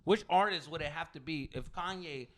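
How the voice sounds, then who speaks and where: A man's voice: on the high side, moderate pace, crowd noise. A man co-hosting a casual podcast with a Chicano English accent, telling stories with lots of energy and acting out bits. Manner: animated storytelling, sings and acts out bits, laughs a lot. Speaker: podcast co-host. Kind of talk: casual chat.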